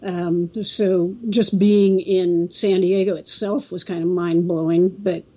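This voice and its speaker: A woman from California's Central Coast, a guest telling a story in a casual, halting way, often restarting and acting out the quotes. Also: lowish voice, level tone, warm tone, highs cut off. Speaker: interview guest.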